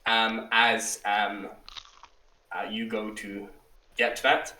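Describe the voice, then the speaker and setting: A man's voice: fairly low pitch, distant mic. Echoey game master man. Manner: relaxed, hesitant with ums, slows for dramatic description. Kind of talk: narrating a tabletop game. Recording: echoey room, off the mic.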